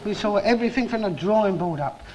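A high-voiced, hapless little worker. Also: male voice, lively intonation, slight background noise, low-quality recording. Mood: rambling. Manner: slow, wide-eyed storytelling with comic mock-grandeur. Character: small, hapless working-class man spinning a grand rambling yarn. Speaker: sitcom lead. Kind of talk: 1960s television sitcom acting. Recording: old TV recording, loud studio audience laughter. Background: roaring studio audience laughter.

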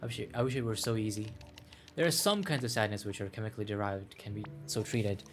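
A man's voice: fairly low pitch, fast talker, soft background music, lightly acted. A man playing a wise old grandpa. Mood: gentle.

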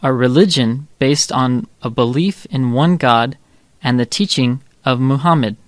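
A man reads the part of a patient father in a textbook listening dialogue, explaining things calmly to his child. His voice sits at an ordinary middle pitch. The recording is dry, with no room sound. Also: unhurried, no room sound, close to an everyday voice. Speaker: textbook audio actor.

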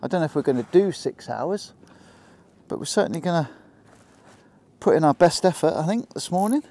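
This Hampshire-accented vlogger talks warmly and a bit quickly as he fishes from a small boat, his fairly high voice full of lively intonation. He keeps up a laid-back commentary, addressing the fish as much as the people watching.

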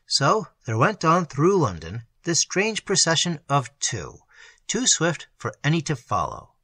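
A man narrating a fantasy short story in a dramatic, expressive reading. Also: on the high side, measured pace, dry recording.

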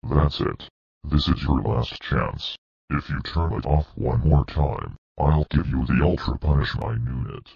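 A male text-to-speech voice playing a furious purple dinosaur scolding the user, with a flat robotic delivery. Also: unhurried, lo-fi sound, heavily acted. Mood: stern. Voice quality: very deep, gravelly synthetic voice.

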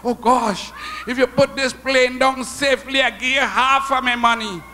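A man's voice: extremely high pitch, steady tone, moderate pace, sharp tone, a little hiss or hum, voice pushed up, exaggerated voice. A comedian playing a frantic rich man praying. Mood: pleading. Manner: pleading, frantic.

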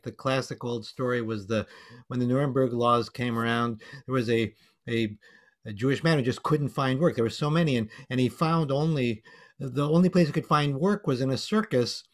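A man emceeing an online panel, telling a joke and signing off with playful wordplay over a video call. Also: medium pitch. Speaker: emcee and storyteller. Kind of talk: casual online panel hosting.

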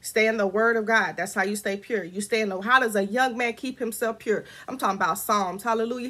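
A woman's voice: on the high side, fairly even intonation, a little fast, few pauses, fairly bright tone. A woman ministering prophetically straight to camera, talking casually and then rising into fervent declarations and prayer, often repeating her words. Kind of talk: informal prophetic preaching to camera.

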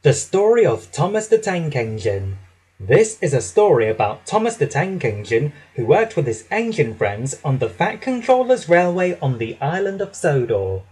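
A man reading a children's story aloud with an expressive storytelling delivery. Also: a little high, moderate pace, husky, low-quality recording. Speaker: storybook reader.

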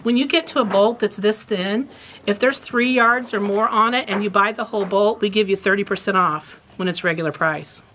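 A chatty woman hosts a quilt shop video, rambling along with playful asides about fabrics and kits. Her voice sits at an everyday middle pitch, with a faint hiss of noise behind it. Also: a little fast, a bit bright. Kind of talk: casual product chat.

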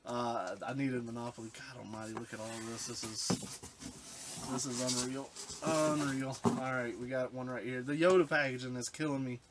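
A man's voice: mid-range voice, steady tone, normal speed. A man unboxing retro games for his vlog, overwhelmed and choked up, often trailing off mid-sentence. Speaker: retro game collector vlogger. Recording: background hiss with clicks.

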